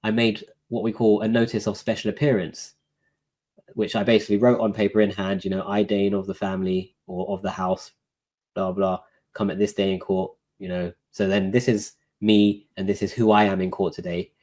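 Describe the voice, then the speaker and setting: In low, fairly quick speech, a man chats as a guest and relates what was said during a court visit. It's easygoing conversational storytelling, heavy with fillers such as "you know."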